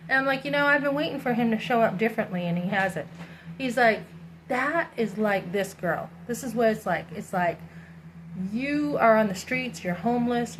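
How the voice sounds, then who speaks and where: A woman's voice: mid-range voice, low-quality recording. Middle-aged woman venting on her vlog, acts out the other guy's lines, bit of hiss behind. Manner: animated storytelling, acting out others' lines. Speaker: vlogger. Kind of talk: candid personal vlog rant.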